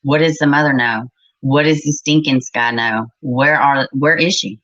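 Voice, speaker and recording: A woman's voice: rumbling low, moderate pace, fairly bright tone. A middle-aged woman, hosting a livestream and chatting bluntly and with exasperation with her live chat. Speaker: livestream host. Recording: slightly muffled recording.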